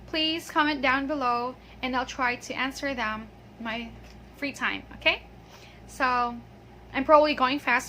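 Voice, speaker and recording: Bright high-voiced Filipino woman teaching. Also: a little hiss or hum. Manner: chatty, laughs often, frequent "okay". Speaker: English pronunciation teacher. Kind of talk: casual video lesson.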